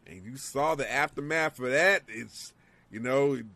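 A man in casual podcast chat, excitable and profane, acting out moments with yells. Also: medium pitch, moderate pace, dry recording. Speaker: wrestling show co-host.

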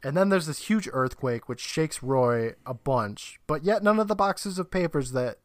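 A man's voice: fairly high pitch, expressive, moderate pace, no echo. A man co-hosting a podcast, casually retelling a TV episode and acting out the characters' lines with bursts of laughter. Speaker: podcast co-host. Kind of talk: casual recap chat.

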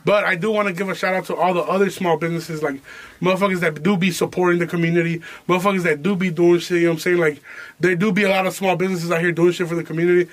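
A young man with a fairly high voice hosts a podcast. He tells a story in casual, profane slang and breaks into laughs. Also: fairly even intonation, very fast. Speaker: podcast host.

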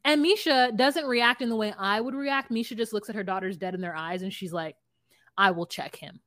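A woman's voice: on the high side, a little fast, fairly bright tone, dry recording. A woman co-hosting a podcast, recapping a reality show in blunt, profane casual chat and laughing often. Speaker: podcast co-host.

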